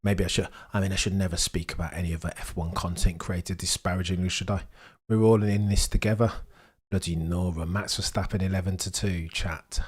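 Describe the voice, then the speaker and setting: A young man hosts a live watchalong, talking to his chat in a casual, excited way, joking and riffing with viewers as it plays. His voice sits a little low, slightly rough, and he speaks briskly.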